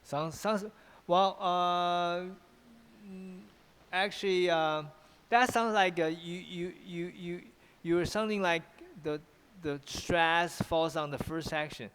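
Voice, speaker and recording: A man's voice: high voice, steady tone, slow pace, a bit bright, smooth, long reverb tail. A man with a Taiwanese accent teaching English pronunciation in an online class, often repeating himself and switching into Mandarin.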